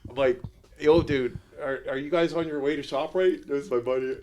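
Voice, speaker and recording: A man's voice: on the high side, fairly even intonation, brisk, darkish tone, slight background noise. A man from Canada telling wild stories as a podcast guest, swearing freely and laughing as he goes. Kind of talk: animated storytelling.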